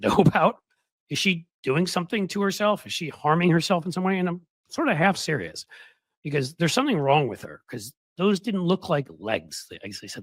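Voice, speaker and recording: A man hosting political commentary in a sarcastic, mocking, animated way. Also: a little high, dry recording.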